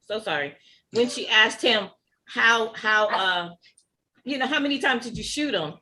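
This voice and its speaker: A woman's voice: on the high side, animated, a little slow, pushed and bright. A woman recapping a scene in casual talk, correcting herself as she goes. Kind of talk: casual TV review chat.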